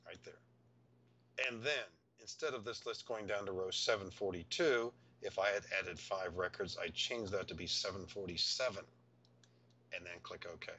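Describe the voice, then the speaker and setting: A man's voice: deep voice, moderate pace, bright, forceful tone, a little hiss or hum. A man teaching a screen-recorded spreadsheet tutorial, explaining step by step in a patient, thinking-aloud way. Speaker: software instructor.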